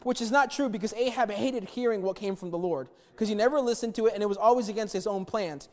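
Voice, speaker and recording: A man preaching a sermon, retelling a Bible story in an animated way and acting out the quotes. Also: high-pitched, quick pace, in a large hall. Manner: animated storytelling, acts out quotes, repeats words.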